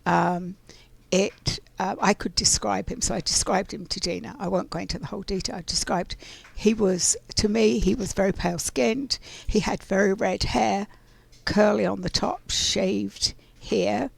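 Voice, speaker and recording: A woman's voice: medium pitch, fairly even intonation, measured pace, gravelly, slightly rough, no room sound. A middle-aged woman telling a spiritual story in a casual, rambling way, full of fillers and restarts. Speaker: oracle card reader.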